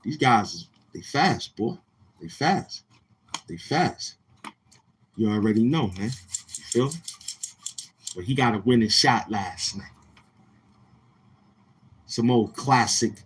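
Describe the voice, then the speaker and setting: A man's voice: on the low side, animated, slow, long pauses, a little hiss or hum, poor audio. A man hosting a casual livestream, talking in brash, heckling, slang-heavy banter. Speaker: live-stream host.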